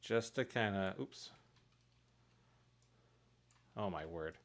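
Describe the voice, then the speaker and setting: A man's voice: low voice, slow pace. A man casually narrating his work on a live stream, thinking aloud and chuckling at his own mistakes. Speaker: streamer making pixel art for a game.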